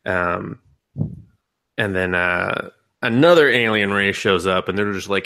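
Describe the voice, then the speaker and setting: Young guy ranting a movie recap on a podcast, kinda low voice, lots of swearing and silly quote voices. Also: measured pace, pauses often, clear, resonant tone. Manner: animated, profane retelling with laughs and mock quotes. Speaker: podcast co-host. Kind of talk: casual anime podcast chat.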